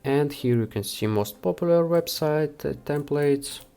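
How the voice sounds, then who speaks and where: Slow, smooth-voiced male tutorial host. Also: on the high side, dark tone, soft background music. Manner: unhurried, with frequent "uh" fillers. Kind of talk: screen-recorded how-to walkthrough.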